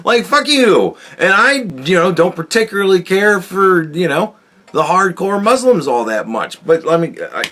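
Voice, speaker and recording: A man's voice: medium pitch, fairly bright tone. A young man hosting a podcast, ranting bluntly about politics with heavy swearing and laughing at his own jokes. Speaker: podcast host. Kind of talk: profane political rant.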